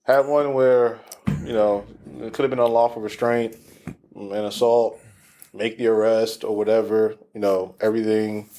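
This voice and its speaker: South Texas man, cop co-host, low mellow voice, plain and matter-of-fact, faint hiss, a bit off mic. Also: level tone, normal speed. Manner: brief agreeing replies, matter-of-fact. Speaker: podcast co-host, police officer. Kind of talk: casual chat.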